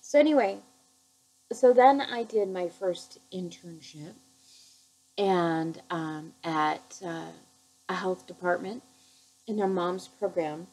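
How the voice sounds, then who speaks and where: A middle-aged woman, a chemical dependency counselor, telling her personal recovery story in an earnest, halting, heartfelt way. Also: fairly low pitch, darkish tone, husky, rough recording.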